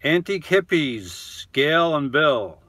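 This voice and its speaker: A man's voice: fairly high pitch, sing-song, slow pace, fairly bright tone, no room sound. A man hosting a casual live stream from his camper van, reading viewer comments aloud and answering them one by one in an easygoing, chatty way that often trails off.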